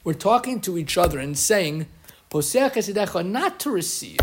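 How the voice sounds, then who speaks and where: A man teaches a Torah class in a fairly high voice. He is animated and quotes Hebrew sources with emphatic rises, talking to a room of listeners. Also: measured pace, husky. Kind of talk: lively Torah lecture. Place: room with an audience.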